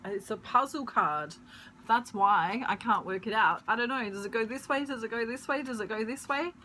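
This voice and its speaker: A woman giving a casual tarot reading at home, chatty and rambling, pausing to search for words and laughing often. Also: a little high, pushed and bright, a little hiss or hum, rough recording. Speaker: tarot reader. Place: at home, pet bird nearby.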